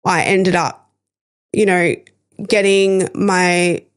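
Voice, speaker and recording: A woman's voice: lowish voice, steady tone, extremely slow, clean tone. A woman, hosting a podcast and candidly telling a painful personal story, emotional and swearing at times. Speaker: podcast host sharing her story.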